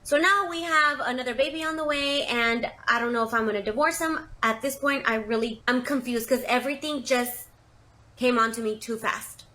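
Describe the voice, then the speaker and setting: A young woman tells a dramatic confession story as if it were her own. She talks casually and fills it with lots of "like"s, and her voice sits a little high and sounds bright and sharp. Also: moderate pace. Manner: chatty, dramatic, many fillers. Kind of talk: casual first-person storytelling.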